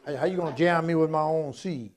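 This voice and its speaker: High-voiced emphatic preacher man. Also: fast talker. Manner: folksy, repetitive, emphatic preaching with Scripture quotes. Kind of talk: sermon.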